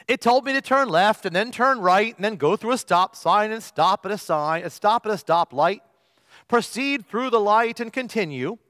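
Lively, high-voiced pastor preaching in a church. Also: male voice, no echo, clean studio sound, big-room sound. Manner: storytelling, emphatic, drawn-out key phrases. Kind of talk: sermon.

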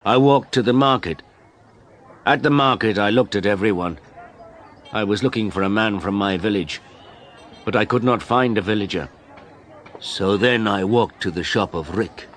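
A man reading a simple story aloud in plain, clear first-person narration for English learners. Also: lowish voice, moderate pace, pauses often.

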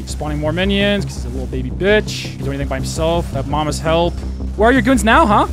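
A young man streaming a game live, talking excitedly to chat and swearing often. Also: fairly high pitch, fast, over music. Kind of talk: live gameplay commentary.

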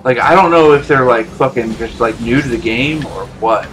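A man commentating his own gameplay casually, ranting and swearing at his teammates, his voice jumping up into yells. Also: medium pitch, normal speed, soft background music. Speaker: gameplay streamer.

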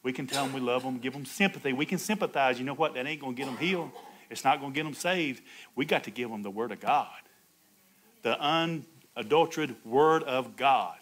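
Preaching in a call-and-response style, this male pastor moves fairly quickly, shifting from loud, high exclamations to soft, low asides. He chuckles and laughs between points, with slight background noise in the clip.

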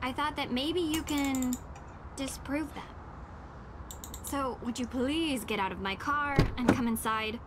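A brash young woman from a video game, bossy and protective of her case. Her voice is high. Heavy noise runs loudly under her lines. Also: unhurried. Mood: brusque. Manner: brusque, bossy. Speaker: game character.

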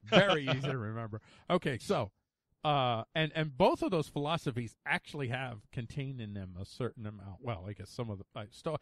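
A man hosting a casual podcast chat, excitable and quick to laugh, reading things aloud playfully. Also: mid-range voice, dry recording. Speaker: podcast host.

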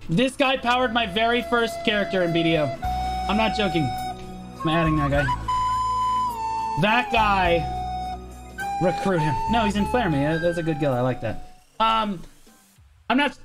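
A man doing livestream commentary over a game in a high, bright-pitched voice. He swears freely, rants in exasperation and keeps breaking into loud outbursts. Faint music plays under his talk. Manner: profane, exasperated outbursts and yelling. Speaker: streamer.

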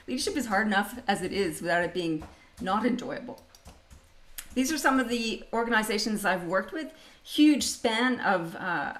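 A middle-aged Canadian woman presenting a leadership webinar over a video call, chatty and upbeat, laughing often. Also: medium pitch. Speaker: leadership speaker hosting a webinar.

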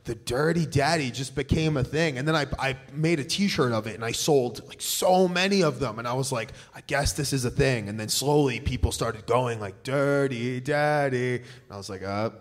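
A man's voice: mid-range voice, moderate pace, few pauses. A man from Staten Island with a New York accent, a pro wrestler telling stories in casual podcast chat, full of fillers and restarts. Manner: rambling, filler-heavy storytelling. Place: live show venue.

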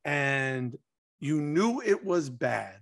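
A man, telling an animated story as an interview guest and acting out quotes. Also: on the high side, drawn-out words, vocal fry. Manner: excitable, acts out quotes, laughs.

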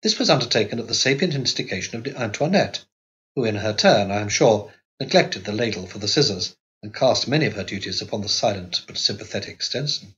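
A man narrating an audiobook in a measured, even reading voice. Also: lowish voice, muffled recording. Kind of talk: scripted narration.

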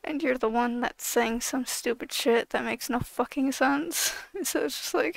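A woman's voice: sits high, gravelly, dry recording, low-quality recording. A woman YouTuber ranting in a casual vlog, exasperated and swearing heavily, with lots of filler words.

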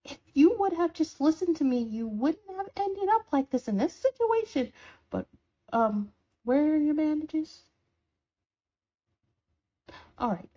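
A woman's voice: high voice, big pitch swings, moderate pace, dark tone. Woman as a bratty, sarcastic horned demon. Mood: exasperated scolding. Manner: sarcastic, scolding, dramatic swings. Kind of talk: audio role-play for a listener.

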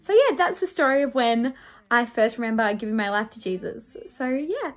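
A woman's voice: a little high, lively intonation, moderate pace, faint music behind. A young woman presenting to children on a church show, telling a personal story in a bubbly, sing-song way and acting out the voices.

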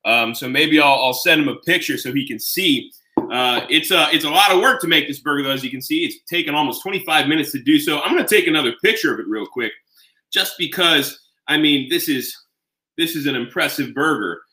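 A man hosting a casual live cooking stream, chatting with his viewers in a rambling way and gushing with excitement as he eats and talks. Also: a little high, a little fast. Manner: gushing with excitement while tasting. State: eating while talking. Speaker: home cook streaming live. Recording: roomy, echoing room sound.

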